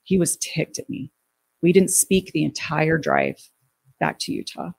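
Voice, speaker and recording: A middle-aged woman telling an emotional personal story in an interview, halting and restarting her sentences. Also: low voice, huge pitch swings, gravelly, a little mellow, husky, poor audio. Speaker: guest recounting a family death.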